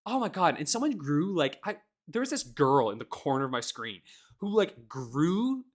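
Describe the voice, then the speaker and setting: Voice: mid-range voice, sing-song, moderate pace. A podcast co-host in casual chat, ranting animatedly and swearing a lot, often laughing.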